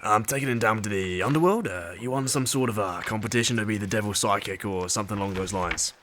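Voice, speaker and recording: A man voicing a brash, bossy male snail in an audiobook drama, blustering and quick to scold. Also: lowish voice, background noise, natural voice. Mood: matter-of-fact.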